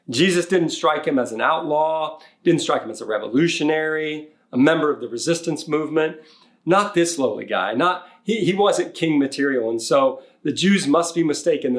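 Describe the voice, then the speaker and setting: A man preaching a sermon as pastor, telling the story in a conversational way and voicing the people he quotes. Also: fairly high pitch. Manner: conversational, paraphrasing with animated quotes.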